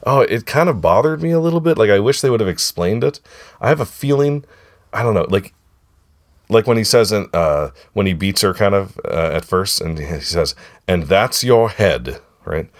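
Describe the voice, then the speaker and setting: A man with a sore, froggy throat hosts a relaxed podcast chat with kids. His voice sits very low and sounds hoarse, and he keeps checking whether the others remember. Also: moderate pace. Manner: chatty, keeps asking the listeners if they remember. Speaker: podcast host. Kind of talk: casual discussion with kids.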